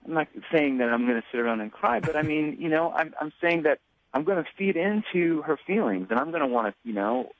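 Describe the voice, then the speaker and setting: Man, radio caller, halting and hesitant, lively pitch, muffled and dry sound. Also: vocal fry, no room sound. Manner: halting, hesitant, lots of restarts. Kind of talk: casual radio phone call.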